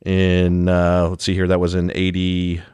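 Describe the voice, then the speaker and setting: A man hosting a podcast, asking his guest quick, friendly questions in casual conversation. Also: low voice, completely flat delivery, darkish tone, clear, resonant tone, dry recording. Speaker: podcast host. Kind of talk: casual interview.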